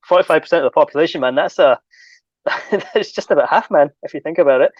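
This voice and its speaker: A man hosting a casual panel chat, talking in a relaxed, chatty way and laughing easily. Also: a little high, quick pace, slightly rough, dry recording, highs cut off. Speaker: host.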